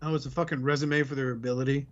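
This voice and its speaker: A man's voice: mid-range voice, fairly even intonation, very fast. A man hosting a podcast, ranting sarcastically and swearing constantly in casual banter. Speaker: podcast host. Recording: slightly muffled lo-fi audio.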